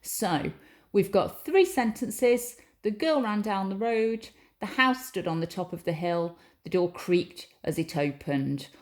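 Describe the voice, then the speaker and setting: A woman's voice: lowish voice, a little mellow. A woman teacher giving a recorded lesson, patiently reading example sentences aloud and explaining each one.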